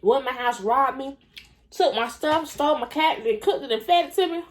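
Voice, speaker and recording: A woman's voice: sits high, brisk, voice pushed up, close to an everyday voice. A woman voicing a panicked, disgusted young woman who talks frantically and rises to shrieks. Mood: frantic.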